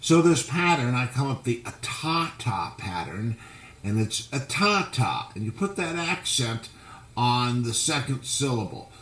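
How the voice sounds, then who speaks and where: Slow-talking man teaching harmonica. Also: mid-range voice, sing-song, a little hiss or hum. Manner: slow, patient explaining, breaks into loud sung calls. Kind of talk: relaxed instructional talk with demonstrations. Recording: echoey room with loud harmonica playing.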